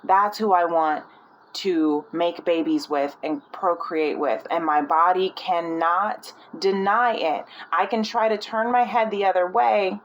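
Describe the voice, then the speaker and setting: A woman's voice: lowish voice, measured pace, low-quality recording. A woman giving a casual spiritual reading, thinking aloud and often searching for the right word. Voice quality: rambling, frequent restarts and fillers. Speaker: spiritual reader.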